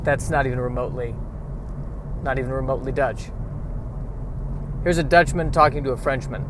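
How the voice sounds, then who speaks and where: A man's voice: mid-range voice, steady tone, normal speed, noisy background. An American man in a car, rambling in casual chat with joking, self-mocking digressions. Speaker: vlogger.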